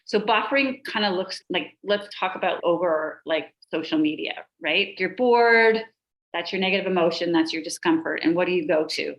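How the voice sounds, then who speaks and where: A middle-aged woman speaks as a guest on a podcast, her voice sitting somewhat low. She explains ideas patiently and runs through lists of examples in an even rhythm. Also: normal speed, poor audio. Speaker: pediatrician and life coach guest.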